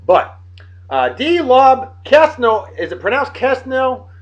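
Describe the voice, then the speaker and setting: A man's voice: extremely high pitch, big pitch swings, slow, low-quality recording. A man in his late thirties from Martha's Vineyard, hosting a casual beer-tasting vlog in a boisterous, jokey, self-hyping way. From Martha's Vineyard, Massachusetts. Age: late 30s. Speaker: host of a beer-of-the-day show.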